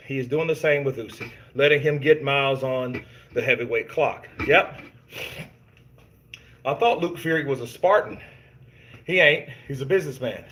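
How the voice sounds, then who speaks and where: A man hosting casual boxing commentary, reading viewer comments and telling stories in an animated, emphatic way, swearing freely. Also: mid-range voice, a little hiss or hum. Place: gym. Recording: echoey gym room.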